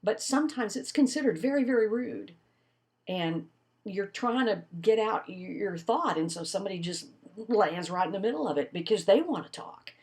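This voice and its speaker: Woman college instructor, casual and lively video lecture style. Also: mid-range voice, normal speed. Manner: conversational, animated teaching with rhetorical questions.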